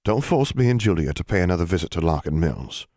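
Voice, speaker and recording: A stern but caring older woman guardian who speaks in a serious, measured way, read by a male audiobook narrator. The voice is low and the recording dry and close. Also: expressive, darkish tone, no echo. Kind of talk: audiobook character reading.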